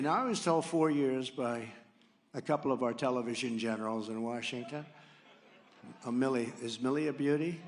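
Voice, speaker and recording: An older man telling a rambling, boastful story as a rally speech, swinging from quiet asides to loud punchlines. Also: on the high side, a little hiss or hum. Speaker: political speaker at a rally. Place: large rally venue.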